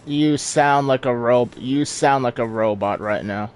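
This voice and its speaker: A man's voice: mid-range voice, measured pace, clear, resonant tone. A man giving casual, self-deprecating live commentary while streaming a game, chuckling often.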